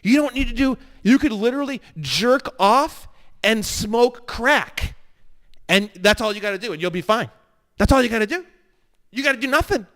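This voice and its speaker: A man teaching an online course in a heated, profane lecture, ranting and swinging between low mutters and loud emphatic bursts. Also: expressive, moderate pace.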